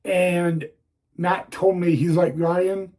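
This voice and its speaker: A young man telling a personal story on his vlog, halting and repeating words, audibly emotional and close to tears. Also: a little high, fairly even intonation, a little mellow. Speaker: YouTuber.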